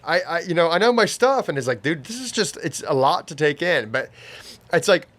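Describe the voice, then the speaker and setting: A man's voice: on the high side, very animated, brisk, fairly bright tone. Rambling man co-hosting an anime review. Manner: rambling, restarts a lot, acts out quotes. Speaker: co-host of an anime review show. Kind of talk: casual reaction discussion.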